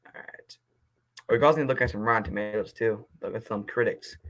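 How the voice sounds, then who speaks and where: An excitable young man ranting casually. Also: lowish voice, poor audio. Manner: passionate, quickly indignant, then apologetic. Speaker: vlogger reading movie reviews. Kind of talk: casual reaction vlog.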